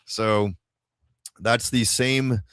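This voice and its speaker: A man's voice: medium pitch, steady tone, drawn-out words, fairly bright tone, clean tone, dry recording. A man hosting a podcast, telling a story to a live audience in a rambling, casual way, full of fillers and swearing. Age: adult father of a toddler. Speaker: podcast host.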